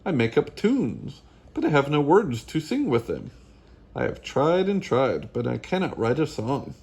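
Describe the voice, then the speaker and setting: A man voicing Bean, a loud, cheerful bean who plays in a one-bean band and mishears everything, shouting in a high, bouncy voice. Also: wildly swooping pitch, unhurried, vocal fry, breathy edge, full character voice. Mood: earnest.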